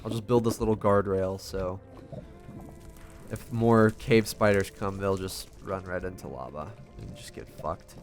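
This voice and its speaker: Low-voiced man rambling over gameplay. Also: a little slow, soft background music. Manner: rambling, self-deprecating, swears often. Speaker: gaming vlogger. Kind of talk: casual gameplay commentary.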